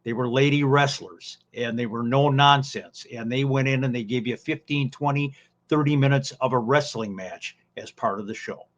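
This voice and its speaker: Folksy man telling old stories, dull audio. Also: medium pitch. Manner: unhurried storyteller with many fillers and folksy asides. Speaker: podcast co-host, former ring announcer. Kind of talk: casual podcast chat.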